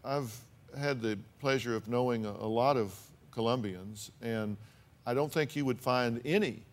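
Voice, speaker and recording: A man's voice: mid-range voice, moderate pace. A man hosting an advice talk show, earnest and prone to repeating words as he starts a thought.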